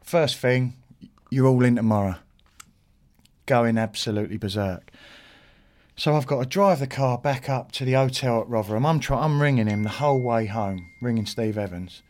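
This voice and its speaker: A middle-aged man appearing as a podcast guest tells an animated anecdote casually, swearing and acting out what others said. His voice is mid-range and he talks at normal speed.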